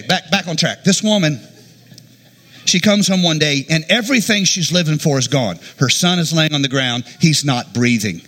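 A man's voice: on the high side, background noise. A middle-aged man preaching a sermon, telling a funny childhood story and acting out the voices in it. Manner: animated, jokey, acts out quotes. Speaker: pastor.

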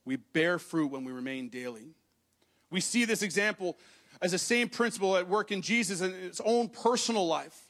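A male pastor with a fairly high voice preaches to the people in the room. He reads passages of scripture aloud, then unpacks them in a plain, conversational way and speaks straight to his listeners. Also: normal speed, a bit bright. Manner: addresses the congregation directly. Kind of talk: sermon. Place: church hall with congregation.

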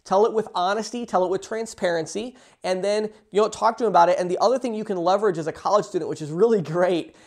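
A man with a high voice teaches sales in a rapid, eager delivery. He acts out sample pitches as he goes, then drops back into coaching. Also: darkish tone. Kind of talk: fast, energetic sales coaching talk.

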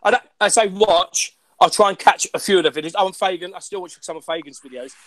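A young man with an English accent, animated and quick to laugh, chatting casually as a guest and poking fun at his own common way of speaking. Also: sits high. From England. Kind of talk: casual chat.

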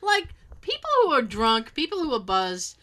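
A woman's voice: on the high side, big pitch swings, normal speed, bright, forceful tone. A woman casually telling a story and acting out the quotes, swearing freely.

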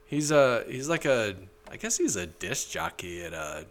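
A man co-hosting a podcast, chatting casually in a halting, easygoing way full of fillers. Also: fairly low pitch, sing-song, slight background noise. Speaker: podcast co-host. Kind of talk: casual chat.

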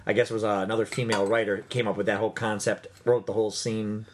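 A man co-hosting a casual movie chat, rambling quickly with restarts. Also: on the low side, level tone, breathy edge. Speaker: podcast co-host.

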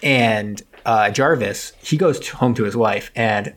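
A man's voice: lowish voice, unhurried. A young man co-hosting a podcast, rambling and joking as he retells a movie's plot. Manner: rambling, jokey, acts out characters' lines. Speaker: podcast co-host. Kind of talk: casual chat recapping a movie.

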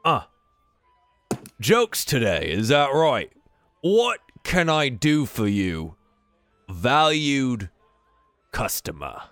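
A man puts on a surly tavern keeper with no patience for strangers. He speaks in clipped, wary phrases that can turn harsh. His voice is bright and ranges widely, and the delivery is unhurried. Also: mid-range voice, very animated, dry recording, faint music behind, full character voice. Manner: curt, wary, turns harsh. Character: gruff male tavern keeper, hostile to demons.

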